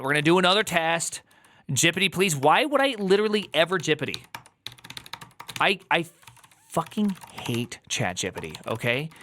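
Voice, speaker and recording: A man's voice: medium pitch, bright, forceful tone, a little hiss or hum. A man streaming live while coding, talking to his chat in an exasperated, rambling way.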